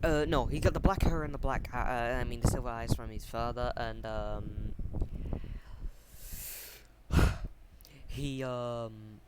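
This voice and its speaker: A young man rambles through a fan fiction plot at a slow pace, stopping often to correct himself. His pitch sits at an ordinary middle level. A room fan hums clearly behind him throughout. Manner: hesitant, full of ums and self-corrections. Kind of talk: casual unscripted plot explanation. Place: warm room at home. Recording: steady fan noise at home.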